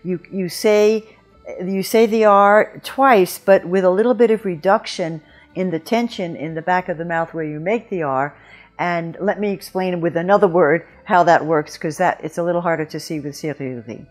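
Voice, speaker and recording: A woman with a lowish voice gives a French pronunciation lesson, patient and careful as she models each word slowly. Faint music plays behind her. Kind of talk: instructional lesson.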